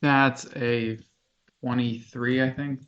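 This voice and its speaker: Guy playing d&d, flat monotone, says his moves plainly, lo-fi sound. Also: medium pitch, takes it slowly. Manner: describes his turn plainly. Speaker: player. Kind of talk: casual tabletop play.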